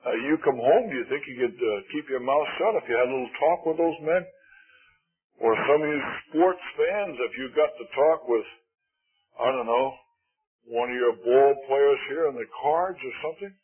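A man preaching a sermon in a folksy, emphatic way, swinging between loud appeals and hushed asides. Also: medium pitch, moderate pace, breathy edge. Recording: tinny lo-fi old recording.

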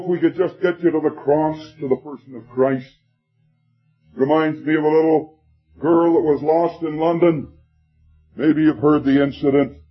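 A man preaching an evangelistic sermon, fervent and pleading, now and then rising to a shout. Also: on the high side, slightly rough, lo-fi sound.

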